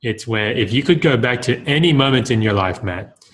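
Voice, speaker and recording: A man's voice: mid-range voice, animated, normal speed, a bit bright. A man hosting a podcast interview, enthusiastic and casual, often saying "man". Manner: enthusiastic, says "man" a lot. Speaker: podcast host.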